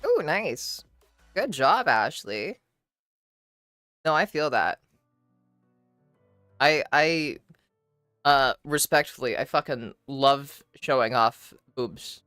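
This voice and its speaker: Relaxed, giggly woman streamer chatting. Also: extremely low pitch, slow pace, pauses often, dry recording, studio quality, faint music behind. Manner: relaxed, swears freely, giggles shyly; reads and answers chat messages. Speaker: livestreamer. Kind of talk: casual chat with stream viewers.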